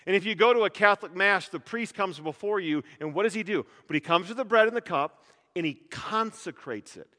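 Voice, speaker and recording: High, bright-voiced joking preacher. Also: male voice, fairly quick, big-room sound. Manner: animated, joking, full of rhetorical questions. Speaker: pastor. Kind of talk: sermon.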